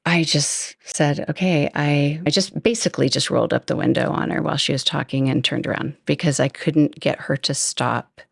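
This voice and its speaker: A woman's voice: low-pitched, fairly even intonation, moderate pace, gravelly, few pauses, slightly rough, no echo, clean studio sound. A woman hosting a podcast, telling a personal story in a chatty, self-deprecating way. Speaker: podcast host. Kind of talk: storytelling monologue.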